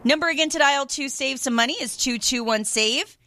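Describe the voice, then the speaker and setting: Bright, cheerful woman radio host. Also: high voice, dry recording, studio quality. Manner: cheerful, brisk and friendly. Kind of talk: upbeat on-air call-taking. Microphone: studio microphone.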